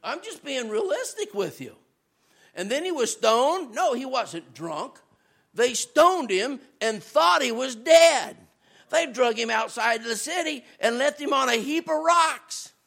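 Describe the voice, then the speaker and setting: A man preaching a sermon as a guest preacher, talking to the congregation in a loose, conversational way. He rises to shouts at points and drops lower and slower when he reads scripture. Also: vocal fry. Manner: conversational and animated, rising to shouts.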